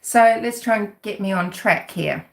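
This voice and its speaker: A woman's voice: medium pitch, measured pace, creaky. Rambling, sarcastic woman in an echoey room. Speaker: true-crime commentator. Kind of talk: casual livestream commentary. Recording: roomy echo.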